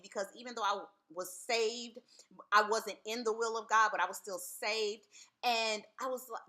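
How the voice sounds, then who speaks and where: Woman, Christian vlogger; bright, clear tone, earnest and candid, casual delivery. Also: mid-range voice. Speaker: Christian vlogger giving marriage advice. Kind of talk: casual faith talk to camera.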